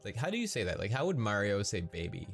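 A man from the Midwest with a Midwestern American accent, rambling casually as a podcast host, halting with many restarts and frequent laughs. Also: fairly low pitch, big pitch swings, creaky, soft background music.

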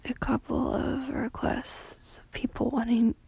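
A woman who has just woken up and is still congested and nasal from a cold, rambling casually in a soft voice with many fillers. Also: flat delivery, unhurried, gravelly, slightly rough, no echo, in a whisper. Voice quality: deeper than usual. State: just woke up, sleepy.

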